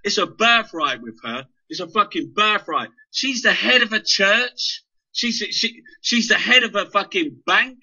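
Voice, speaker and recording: A man's voice: high voice, lively intonation, unhurried, bright, forceful tone, breathy edge. A man in an impassioned political rant, swearing heavily and stumbling over repeated words. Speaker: guest. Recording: dull lo-fi internet radio audio.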